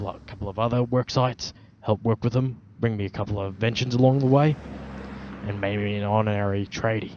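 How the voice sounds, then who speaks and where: A low-voiced man rambles in a put-on Australian accent through an in-character roleplay monologue, bragging and swearing at every turn and leaning hard on slang. The recording is dull and lo-fi, with clear street and traffic noise outdoors behind him. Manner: boastful, swears constantly, lots of Aussie slang. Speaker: roleplaying vlogger.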